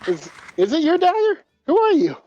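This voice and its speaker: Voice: very high-pitched, wildly swooping pitch, normal speed, warm tone, highs cut off, faint music behind, pitched above the performer's own voice, full character voice. A tabletop game player voicing a blunt young male adventurer with an Australian accent. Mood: puzzled. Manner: blunt, swears when startled.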